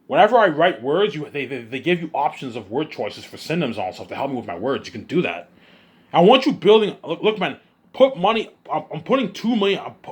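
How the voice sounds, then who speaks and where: A man rambling in an excited monologue, often repeating himself and restarting his sentences. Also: on the high side, breathy edge. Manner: excitable, repeats himself, puts on voices of others. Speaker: vlogger.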